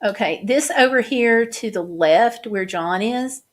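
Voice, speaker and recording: A woman vlogger talking casually, halting and restarting as she describes flood damage. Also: fairly high pitch. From United States. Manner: chatty, halting, many restarts and fillers. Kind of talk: casual chat over photos.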